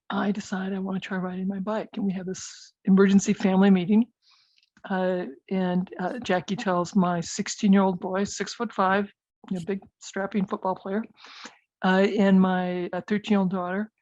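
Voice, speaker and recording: A woman's voice: lowish voice, a little mellow, no room sound, lo-fi sound. A middle-aged woman, a physician and guest in a conversational interview, talking hesitantly with many fillers and restarts.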